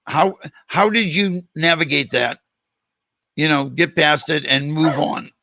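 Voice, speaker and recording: Older male host and animated storyteller, bright tone, dry studio sound. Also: on the high side, a little slow, creaky, no echo. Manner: animated storyteller, acts out quoted dialogue. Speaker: podcast host. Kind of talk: storytelling in a casual interview.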